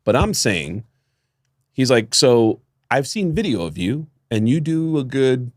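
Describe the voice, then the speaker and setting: A man co-hosting a podcast, telling a long story in casual chat, often laughing and jumping his voice up high for quoted lines. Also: big pitch swings, unhurried, no echo, clean studio sound. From United States. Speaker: podcast co-host.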